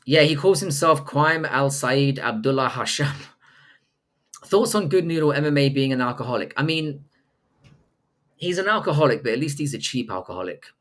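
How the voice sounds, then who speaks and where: During a casual live stream, a man reads out viewer messages and responds with crude, profane jokes. His voice is medium-pitched, animated and fairly bright, moving at a moderate pace.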